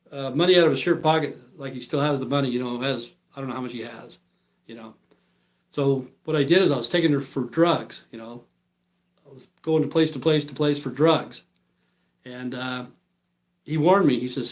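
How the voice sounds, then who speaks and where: Man, 60s, live-stream storyteller; blunt, profane, filler-heavy delivery that trails off, mid-range pitch. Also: normal speed. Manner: rambling, filler-heavy, trails off quietly at phrase ends. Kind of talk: casual rambling storytelling.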